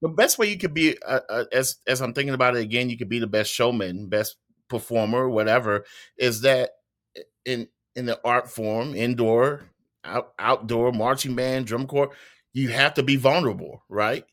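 A man's voice: mid-range voice, normal speed, a bit bright. A man who teaches band at a university, chatting casually on a podcast and thinking aloud with hesitant restarts. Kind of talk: casual chat.

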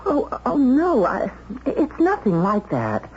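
A prim, easily flustered young secretary, stammering, her pitch rising and falling a lot. The sound is a dull, muffled old radio broadcast with faint hiss. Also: huge pitch swings, slow, darkish tone, heavily acted. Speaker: radio drama actress. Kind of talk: 1970s radio drama acting.

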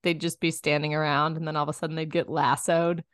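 A woman's voice: low-pitched, level tone, fast, no room sound, studio quality. A young woman co-hosting a comedy podcast, chatting playfully and rambling with many "likes". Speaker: podcast co-host. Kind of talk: casual comedic chat.

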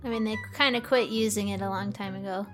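A woman's voice: mid-range voice, steady tone, quick pace, faint music behind. A woman co-hosting a podcast in a playful, chatty way. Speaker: podcast co-host. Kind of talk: casual chat.

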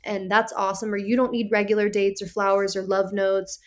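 She's a young woman talking openly on a podcast, animated and playful. She slips into quick put-on voices when she quotes herself or others, then drops back into her easy chat. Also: medium pitch. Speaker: podcast guest. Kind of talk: candid podcast conversation.

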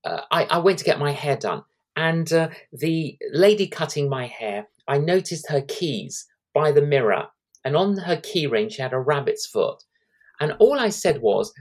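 Animated older male evangelist telling stories. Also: fairly high pitch, moderate pace. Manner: animated anecdotes with acted-out quotes. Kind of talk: storytelling guest in an interview.

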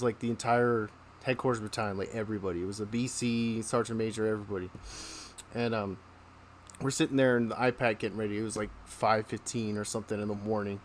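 Laughing man telling an animated story. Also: fairly low pitch, a little hiss or hum. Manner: laughs often while telling stories; acts out the people in his stories. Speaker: podcast host. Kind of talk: casual storytelling.

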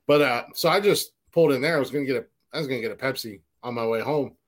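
A man's voice: medium pitch, quick pace. A middle-aged man from the Newark area, telling a long story in casual podcast chat, swearing freely and restarting sentences. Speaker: podcast co-host.

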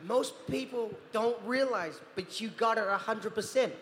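A man in his thirties, a guest actor at a convention panel, telling lively anecdotes and acting out the people he quotes. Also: sits high, normal speed. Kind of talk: Q&A storytelling. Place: large convention hall. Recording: echoey hall with long reverb, faint noise.

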